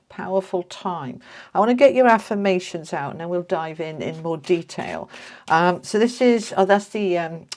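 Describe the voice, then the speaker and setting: Woman, tarot reader, chatty and homely, slightly low voice. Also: a little mellow. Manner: chatty and homely, addresses viewers as friends. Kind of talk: casual tarot reading to camera.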